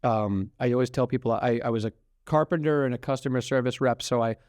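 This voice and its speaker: A man's voice: medium pitch, fast, a little mellow, dry recording. New york guy in his 20s, rambly podcast guest, swears a lot, dry close sound. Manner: rambling, swears freely, laughs often. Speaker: guest comedian. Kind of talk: casual podcast chat.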